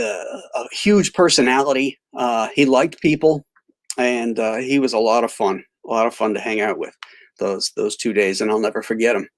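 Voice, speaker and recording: A middle-aged man hosting a live stream, telling a rambling story full of halting restarts and reading out chat greetings. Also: mid-range voice. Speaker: livestream host.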